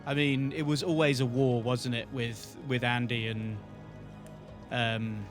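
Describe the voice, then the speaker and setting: Friendly guy chatting on a stream, mid pitch, reads chat, faint music in the back. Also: flat delivery, unhurried. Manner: friendly, chatty, laughs often, reads out viewer messages. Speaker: co-host of a live-streamed tavern show. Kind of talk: casual chat.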